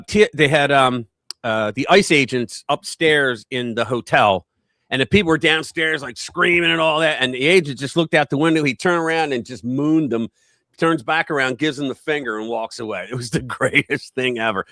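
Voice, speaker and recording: A man hosting a casual political live stream, talking in an animated, rambling way and acting out quotes in a raised voice. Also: mid-range voice, moderate pace, no echo.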